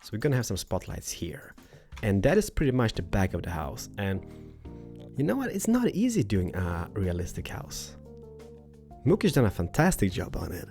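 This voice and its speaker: A playful young man talks through a building tutorial in a low, gravelly voice that swings widely up and down. He rambles, breaks into loud exclamations, and sounds like he is losing his voice, with clear music playing behind him. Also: very animated, normal speed. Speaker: host. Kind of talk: casual building tutorial commentary. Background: background music.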